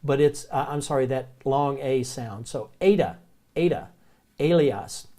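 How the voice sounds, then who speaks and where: A man with a Southern American accent teaching the Greek alphabet in a relaxed, chatty way, slowly repeating each word. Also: medium pitch. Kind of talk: recorded classroom lecture.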